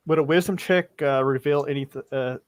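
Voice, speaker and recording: A man's voice: medium pitch, no room sound. A man playing in a streamed tabletop game, talking casually and hesitantly, often stammering. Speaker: player.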